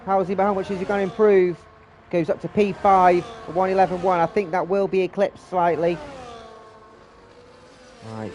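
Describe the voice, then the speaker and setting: A man hosting and commentating a live sim-racing league, with excitable, breathless, rapid calls and repeated exclamations. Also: high-pitched, slight background noise. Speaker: race commentator and league host.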